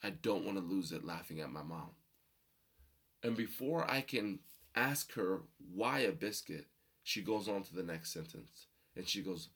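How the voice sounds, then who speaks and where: A young man telling personal stories to an audience, animated and humorous, building to emphatic points. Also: sits low, a little slow, slightly rough. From New Jersey. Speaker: motivational storyteller. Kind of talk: storytelling talk to an audience.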